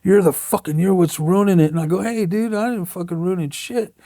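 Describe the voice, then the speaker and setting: A man's voice: high-pitched, fairly quick, dark tone, no room sound, clean studio sound. A middle-aged man, a tattoo artist being interviewed, telling blunt, profane stories and acting out the quotes. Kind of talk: casual storytelling interview.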